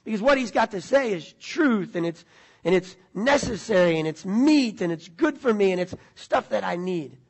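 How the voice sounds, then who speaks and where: A man's voice: high-pitched, animated, normal speed, husky. A middle-aged man, preaching a conversational sermon and asking the congregation questions. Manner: conversational, repeats words, asks the audience questions. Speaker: pastor.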